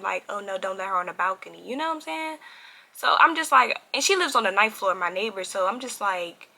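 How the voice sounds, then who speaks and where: Animated young woman, bright voice. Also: on the high side. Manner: animated, addresses viewers as y'all, acts out quotes. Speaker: vlogger. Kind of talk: casual storytime to camera.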